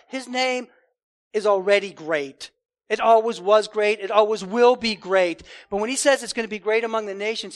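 A man's voice: high voice, a bit bright. A man preaching a sermon as a pastor, emphatic, with frequent rhetorical questions to his congregation.

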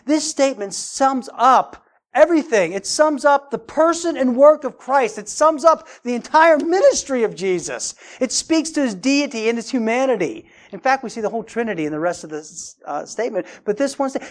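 A woman's voice: high voice, lively intonation, normal speed, darkish tone. A woman preaching a sermon in an emphatic, casual way, often repeating her words as she builds a point.

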